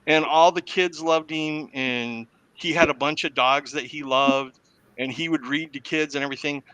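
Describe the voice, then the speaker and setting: A man, a podcast host, casually retelling a movie plot as an animated storyteller. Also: fairly high pitch, normal speed, clean tone, poor audio. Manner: animated storyteller who acts out the quotes.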